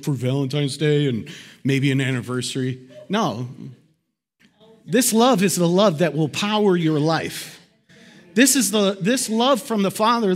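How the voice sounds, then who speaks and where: A pastor preaching a sermon to his congregation in a lively, conversational way. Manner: animated, conversational preaching with big swings in pitch. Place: church hall before a congregation.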